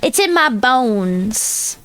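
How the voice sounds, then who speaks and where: A woman's voice: fairly high pitch, big pitch swings, extremely slow, a bit bright, smooth. An American woman chatting casually on a livestream, rambling and laughing often as she answers chat from home. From United States. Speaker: VTuber streamer.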